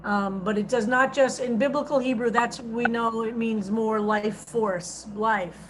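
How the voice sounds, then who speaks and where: Higher-voiced woman rabbi teaching over a call. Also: fairly even intonation, unhurried, background noise. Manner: explains Hebrew grammar patiently, reads translations aloud. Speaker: rabbi teaching a psalm class. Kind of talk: teaching a text study over a video call. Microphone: video call.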